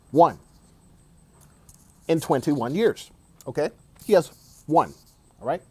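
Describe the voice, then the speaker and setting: Animated man ranting about sports. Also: on the high side, slightly rough, no echo. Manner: emphatic, repetitive, keeps saying "dog". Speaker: sports commentator. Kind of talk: opinionated sports rant.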